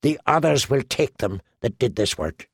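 A man's voice: fairly high pitch, sing-song, measured pace, dry recording, studio quality, pitched above the performer's own voice, full character voice. A man putting on a blunt, hard wildling spearwoman. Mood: low, angry. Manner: blunt, gruff, plain-spoken.

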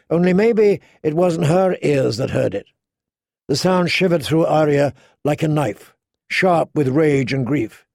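A man reading a fantasy story aloud as narrator, measured and slowing down for dramatic emphasis. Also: on the high side, vocal fry, darkish tone, no room sound, studio quality. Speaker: audiobook narrator.

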